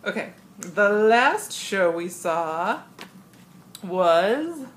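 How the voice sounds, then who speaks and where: A young woman recording a vlog on a tablet at home, gushing excitedly and laughing often, with squealing high impressions mixed in. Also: very slow, slight background noise. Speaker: vlogger. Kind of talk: excited casual vlog recap. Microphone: tablet camera.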